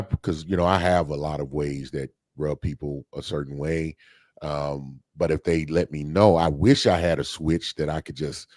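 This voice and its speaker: A man's voice: extremely low pitch, dry recording, studio quality. A man co-hosting a podcast, talking things through in a casual, thoughtful way with fillers and restarts. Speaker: podcast co-host. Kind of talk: casual discussion.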